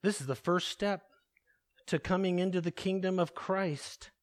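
A man preaching a sermon, emphatic, asking the congregation rhetorical questions and slowing down to stress key words. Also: high voice, steady tone. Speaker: pastor.

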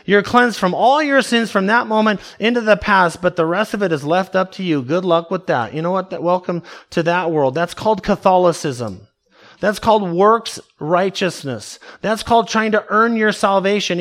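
A man preaching a sermon in an emphatic, conversational way, with wry asides to his congregation. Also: sits high. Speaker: pastor.

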